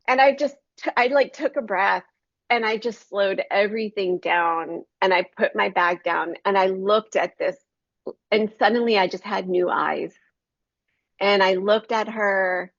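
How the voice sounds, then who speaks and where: A woman's voice: mid-range voice, unhurried, no room sound, muffled recording. A woman giving a heartfelt Christian devotional talk, telling a personal story in an earnest way and speaking to listeners as y'all. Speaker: Christian book reviewer.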